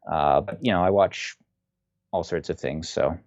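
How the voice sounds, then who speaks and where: A man in his thirties, a guest chatting in a relaxed, rambling way with frequent fillers over a video call. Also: deep voice, a little slow, no echo, dull audio. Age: 30s. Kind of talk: casual chat on a video call.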